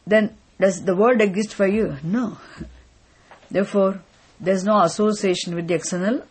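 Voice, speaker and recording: A teacher giving a philosophy lecture in a deliberate way, often stopping to check that listeners follow. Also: mid-range voice, husky. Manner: deliberate, repeatedly checks understanding. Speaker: spiritual teacher.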